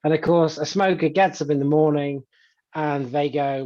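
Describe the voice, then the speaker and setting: A man's voice: fairly high pitch, fairly even intonation, moderate pace, a little mellow. Chatty man, lo-fi sound. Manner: chatty, many "you know" fillers and restarts, acts out quoted voices. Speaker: hypnotist guest. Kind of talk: conversational interview answers.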